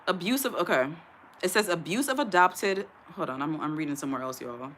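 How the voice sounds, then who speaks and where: Woman from Ohio, young adult, vlogger, indignant and blunt, lowish voice, faint background hiss. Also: expressive, brisk, a bit bright. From Ohio, USA. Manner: blunt, indignant, emphatic, sometimes stumbling while reading aloud. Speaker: vlogger reading a news article to viewers. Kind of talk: casual commentary.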